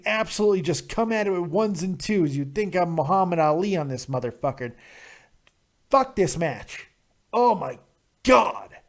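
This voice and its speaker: Profane male host, ranting, sarcastic, fairly high voice. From Nevada, USA. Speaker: call-in show host. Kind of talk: profane call-in wrestling commentary.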